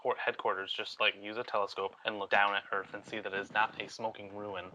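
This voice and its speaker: Young male podcast co-host, quick dry joker, slightly low voice. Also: level tone, sharp tone, slight background noise, poor audio. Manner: dry, joking asides. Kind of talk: casual chat reviewing a cartoon.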